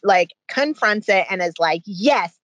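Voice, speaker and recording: A woman's voice: medium pitch, lively intonation, fairly bright tone, muffled recording. A woman guest in a casual podcast conversation, talking enthusiastically with lots of fillers. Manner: enthusiastic, talks fast with many fillers.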